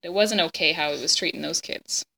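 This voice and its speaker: Bright-voiced woman reading a storybook aloud. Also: low-pitched, vocal fry. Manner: gentle, expressive, pauses to explain. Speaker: reader of a children's book. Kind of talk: reading a chapter book aloud to children.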